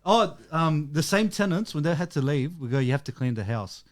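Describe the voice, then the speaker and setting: A young man co-hosts a casual podcast chat, telling stories animatedly and acting out what people said. His voice is fairly high and fairly quick.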